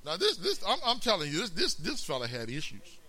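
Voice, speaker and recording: A man preaching a sermon, animated, calling out amen and acting out the scripture's lines. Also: high voice, a little fast. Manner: animated, calls amen, acts out quotes.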